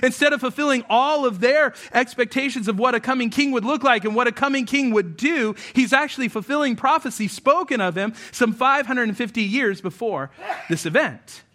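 A man preaching as pastor, talking in a casual, joking way and reading scripture aloud slowly. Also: extremely high pitch, bright, forceful tone. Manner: casual and joking, acts out everyday scenes. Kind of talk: sermon.

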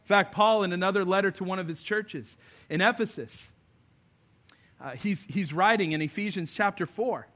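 A pastor with a high, fairly bright voice preaches to his congregation at a moderate pace during a church service. His sermon is earnest and conversational, with touches of humor.

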